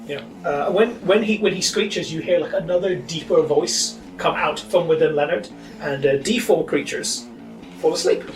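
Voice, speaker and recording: A man playing a tabletop role-playing game, excitable and quick to laugh, describing his character's actions. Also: echoey room, far from the mic, soft background music. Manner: excitable, laughing, high animated exclamations. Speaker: player.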